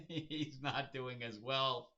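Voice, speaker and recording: A man's voice: medium pitch, drawn-out words, sharp tone. A man hosting a casual comic review, rambling and amused, with chuckling asides. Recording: dull lo-fi recording.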